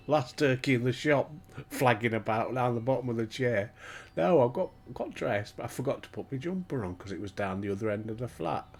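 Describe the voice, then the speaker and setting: A man's voice: medium pitch, brisk. An older Yorkshire man chatting casually and swearing as he plays a game at home. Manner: chatty, swears and laughs often. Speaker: gaming streamer. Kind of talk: casual gaming commentary. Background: faint game music.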